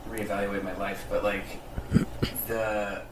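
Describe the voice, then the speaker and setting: A man chatting casually on a podcast, quick to question and laughing a lot. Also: lowish voice, flat delivery, background noise. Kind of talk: casual chat.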